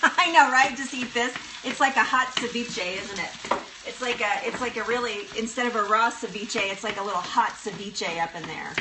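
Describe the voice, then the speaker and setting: Bubbly high-voiced woman cooking show host. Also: heavy background noise. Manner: bubbly, chatty, laughs often, talks to viewers. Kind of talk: live cooking demonstration. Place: kitchen at the stove. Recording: sizzling frying pan in background.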